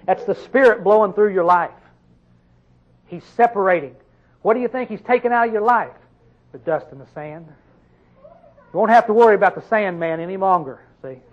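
A man preaching a sermon, reading scripture slowly and drawn out, often questioning his listeners, with sudden loud emphatic bursts. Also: sits high, lo-fi sound.

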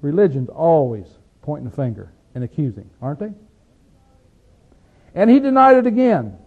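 A man with a Southern hillbilly accent preaching a folksy sermon, asking rhetorical questions and reading scripture slowly. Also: fairly high pitch, very animated, slightly rough. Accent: Southern American hillbilly. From Appalachian region, USA. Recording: tinny phone-like recording.

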